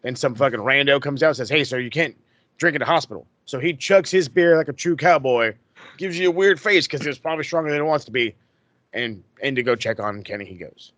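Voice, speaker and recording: A man hosting a podcast, recapping in a casual, excitable, profane way that rambles. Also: mid-range voice, brisk, no room sound. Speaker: podcast host.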